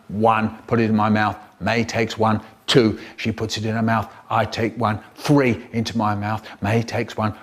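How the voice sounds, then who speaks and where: A man performing a childhood story in an expressive, theatrical way, with acted-out voices. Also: mid-range voice.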